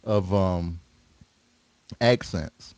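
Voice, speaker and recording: An American man co-hosting a podcast, chatting in an animated way and laughing easily. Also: low-pitched, drawn-out words, no room sound. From United States. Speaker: podcast co-host. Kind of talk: casual podcast chat.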